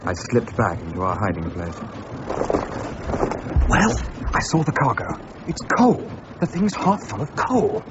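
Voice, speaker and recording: A clipped, commanding English adventurer leads this radio drama with a lively, swinging pitch. The recording sounds dull, with steady noise underneath. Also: male voice, unhurried. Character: English gentleman adventurer narrating his tale. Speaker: narrator and lead character.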